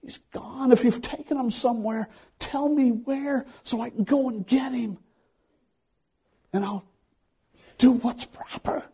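A man's voice: extremely high pitch, measured pace, pauses often, warm tone, breathy edge, voice pushed up, exaggerated voice. A man voicing a distraught grieving woman at a tomb, pleading and frantic.

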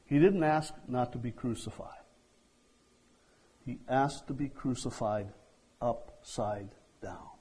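A man preaching at an unhurried, drawn-out pace, his voice mellow and a little husky. He acts out quoted dialogue and often lets his sentences fade away quietly. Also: mid-range voice, rough recording. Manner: slow, deliberate preaching, acting out quoted dialogue, trailing off softly. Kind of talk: sermon.

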